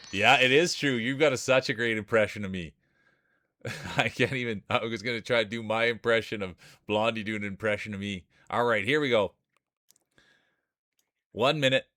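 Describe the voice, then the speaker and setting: A man's voice: medium pitch, bright, forceful tone, dry recording, clean studio sound. A man streaming live, calling marble races like a sports announcer, with chatty asides to his viewers. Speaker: streamer and race commentator. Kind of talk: live marble race commentary.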